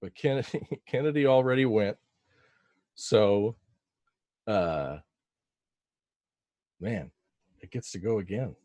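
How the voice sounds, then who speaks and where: A man narrating as game master of a tabletop game, casual and halting, with fillers and frequent pauses for dice rolls. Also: fairly low pitch, a little mellow, no echo.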